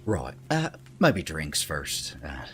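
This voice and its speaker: A man voicing a bartender woman with a very deep, resonant voice, speaking in a hesitant, polite, obliging way. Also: wildly swooping pitch, takes it slowly, a little hiss or hum, exaggerated voice. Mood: accommodating. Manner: hesitant, polite service talk.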